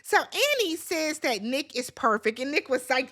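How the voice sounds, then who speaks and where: A woman's voice: high voice, very animated, a little slow, hardly any pauses, a bit bright. A woman hosting a casual reality TV recap, sassy and blunt, talking straight at the cast members as if scolding them.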